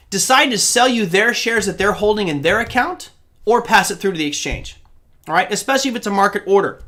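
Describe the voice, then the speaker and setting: A man's voice: high voice, pushed and bright. A man hosting a live trading stream, chatting loosely and answering viewers' questions from the chat as he goes. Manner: chatty, digressive, addresses chat directly. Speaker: host of a live trading show.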